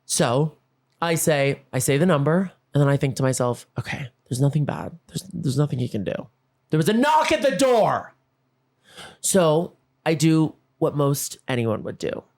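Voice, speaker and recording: A man's voice: a little high, sing-song, moderate pace, darkish tone. A man hosting a podcast, telling a comic story and acting out both sides of each conversation. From Los Angeles. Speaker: podcast host. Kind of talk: comedic storytelling monologue.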